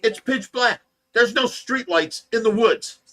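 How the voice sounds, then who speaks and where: A man hosting a livestream, telling a story in a casual, animated way and acting out the voices. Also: extremely high pitch, unhurried. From United States. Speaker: livestream host of a fish rescue.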